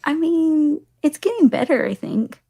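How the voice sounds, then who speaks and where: A woman's voice: sits high, animated, mellow, dry recording, studio quality. A woman co-hosting a podcast, chatting casually, teasing and giggling often. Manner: teasing, giggly, drawn-out speech. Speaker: podcast co-host. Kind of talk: casual chat.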